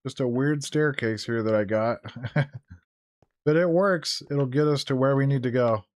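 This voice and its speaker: A man's voice: mid-range voice, moderate pace, no echo. Chatty man streaming a game, dry mic. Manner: chatty, easily startled, laughs often. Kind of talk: casual gameplay commentary.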